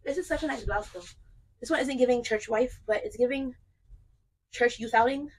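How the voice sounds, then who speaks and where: A woman's voice: on the high side, normal speed, breathy edge, poor audio. A young woman chatting casually and playfully in a clothing try-on vlog, with joking asides. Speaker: vlogger.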